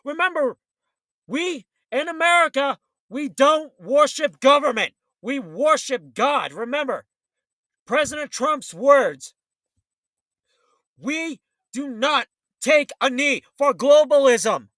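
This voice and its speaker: A man's voice: very high-pitched, expressive, takes it slowly, a bit bright, no room sound. A man hosting a political talk show, ranting in a fiery, blunt, combative way.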